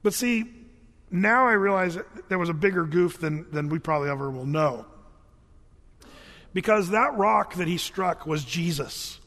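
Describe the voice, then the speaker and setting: A male pastor preaching a sermon in a lively, conversational storytelling manner. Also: high voice, measured pace. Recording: echoey hall.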